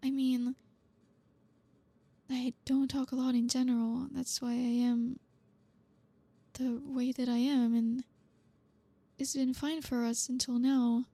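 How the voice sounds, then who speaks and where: A woman voicing a blunt, reserved young woman who is gruff but caring, talking to the listener in an audio role-play in a halting, awkward way. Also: high-pitched, little pitch movement, dark tone, no room sound, heavily acted. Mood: awkward, tender. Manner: halting, awkward, stumbling over words.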